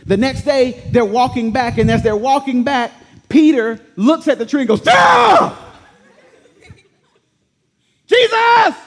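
A man preaching a sermon to a congregation, telling the story animatedly and repeating key words with slow emphasis. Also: very high-pitched, steady tone, darkish tone. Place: church in front of a congregation.

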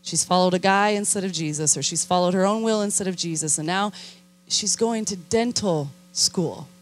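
A young adult woman, a youth minister, preaching a sermon in an animated, emphatic way and calling for responses from her listeners. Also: lowish voice, normal speed.

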